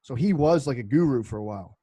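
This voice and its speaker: A man talks quickly through loose, swearing-laced stories as a podcast co-host. His delivery runs on with quick restarts in casual banter. The sound is dry and close, with no room around it. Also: medium pitch, animated, dark tone, slightly rough, no room sound. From United States. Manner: rambling, profane storytelling. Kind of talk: casual chat.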